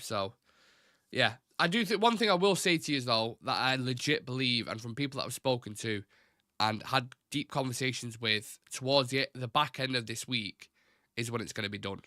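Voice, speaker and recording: A man's voice: mid-range voice, pushed and bright, no room sound, clean studio sound. A man in his twenties with a Mancunian accent, hosting a live fan stream and chatting casually as he reads out and answers viewer comments. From Manchester, England. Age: 20s. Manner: casual, blunt, swears freely, reads out chat questions. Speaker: fan channel host.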